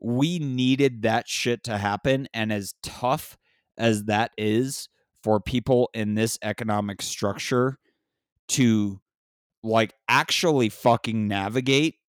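A man's voice: medium pitch, slow pace, dry recording, studio quality. A man hosting a podcast in casual talk, blunt and swearing freely. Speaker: podcast host. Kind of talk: casual conversation.

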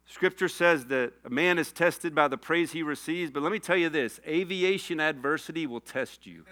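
A male preacher with a bright, ringing voice, clear and resonant as he tells a story from the pulpit. His delivery builds from easy storytelling into fervent, passionate exhortation. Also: fairly high pitch. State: tearful. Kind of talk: sermon with personal story.

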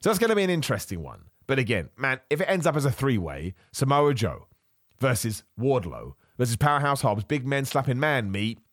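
A man hosts a podcast in loose, animated chat, ranting and laughing as he goes. His voice sits at an ordinary middle pitch, and a cough keeps catching at it. The recording is dry, with no room sound. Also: a little fast, dry recording. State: has a cough. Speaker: podcast host. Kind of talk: casual chat.

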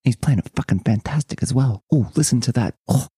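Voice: mid-range voice, dark tone, slightly rough, dry recording, studio quality, pitched below the performer's own voice. A player improvising a brash, foul-mouthed male hockey player with a put-on Italian accent. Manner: swearing, bossy, quick. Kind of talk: improvised comedy scene.

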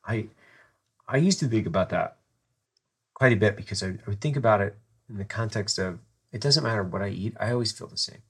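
A man hosting a podcast, chatting in an easygoing, profane way and chiming in with quick agreement. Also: lowish voice, animated, slightly rough. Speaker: podcast host. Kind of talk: casual chat.

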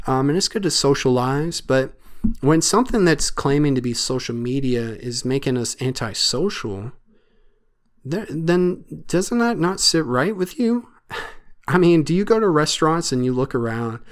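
A man's voice: a little high, expressive, normal speed. A man hosting a solo podcast, talking in an earnest, rambling way with many fillers. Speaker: podcast host.

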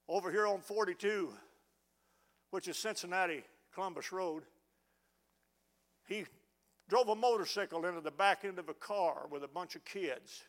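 High, bright-voiced fervent preacher man. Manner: fervent preaching with repeated stammering restarts. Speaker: pastor. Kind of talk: sermon. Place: church sanctuary.

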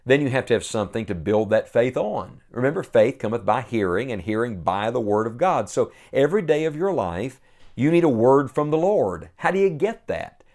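An earnest man delivering a sermon in a mid-pitched voice. He leans into key phrases and slows right down to drive each point home. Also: expressive, a little mellow. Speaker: preacher.

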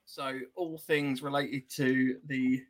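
A man co-hosting a podcast over a video call, jokey and quick to laugh. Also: mid-range voice, level tone. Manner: jokey, giggly. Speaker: podcast co-host. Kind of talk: casual chat.

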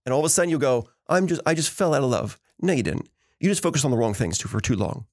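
Animated man telling stories, dry sound. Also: mid-range voice, fast talker, no room sound. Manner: animated storyteller acting out quotes. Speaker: podcast co-host. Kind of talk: casual chat.

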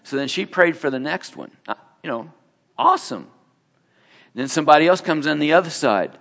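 A man's voice: fairly high pitch, expressive, normal speed, creaky, a bit bright. Man telling a sermon story in a reverberant hall. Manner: conversational, acts out the people in his story. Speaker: preacher sharing a testimony.

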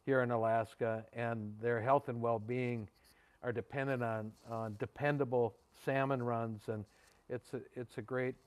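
A man hosting a radio podcast, chatting in a friendly, easygoing way and laughing easily. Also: mid-range voice. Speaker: podcast host. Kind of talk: casual interview talk.

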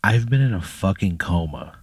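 A man's voice: deep voice, animated, normal speed, husky, no echo. A man playing himself in an improvised comic scenario, reacting with exasperation and plenty of swearing. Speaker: podcast co-host playing along. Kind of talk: improvised comedic role-play.

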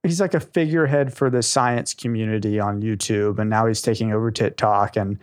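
A man's voice: fairly low pitch, steady tone, fairly quick. A man co-hosting a casual podcast, rambling with lots of fillers and laughs. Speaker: podcast co-host. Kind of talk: casual chat.

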